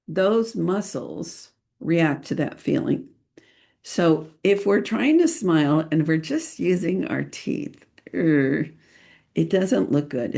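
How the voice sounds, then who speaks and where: A middle-aged woman talks through her photography tips in a relaxed, playful podcast chat. Her voice sits low with a gravelly, creaky edge, and she speaks slowly, laughing easily and filling gaps with ums. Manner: chatty and playful, laughs often, frequent ums and restarts. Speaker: children's photographer and podcast host. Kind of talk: casual podcast talk, giving tips.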